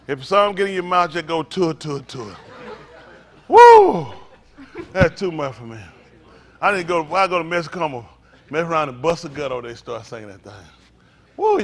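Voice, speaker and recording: High, animated man preaching playfully. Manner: playful, teasing, animated, often laughing. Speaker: pastor. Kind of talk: playful sermon talk to a congregation.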